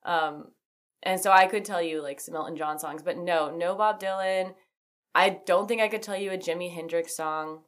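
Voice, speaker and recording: A young woman with a slightly low voice chats on her podcast. She talks loosely and rambles, with plenty of "like" fillers and quick laughs. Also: steady tone. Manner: chatty, frequent "like" fillers, laughs easily. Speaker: podcast host. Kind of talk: casual chat.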